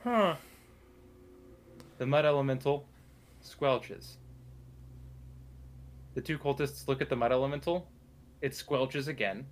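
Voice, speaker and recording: A man's voice: mid-range voice, steady tone. Guy dm-ing a tabletop game, lots of ums, middle voice. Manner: halting, lots of fillers. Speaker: dungeon master.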